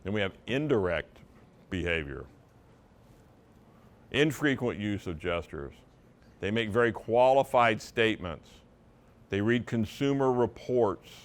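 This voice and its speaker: A man's voice: fairly low pitch, expressive, measured pace, long pauses. A man giving a live seminar presentation to real estate agents, talking in an emphatic, conversational way and leaning on his intonation to drive points home.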